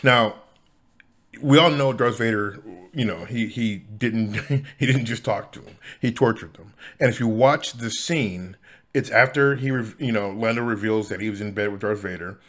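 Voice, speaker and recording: Male solo podcast host, lowish voice, rambling casual delivery full of "um"s and restarts. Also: moderate pace. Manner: rambling, many fillers and restarts, chuckles.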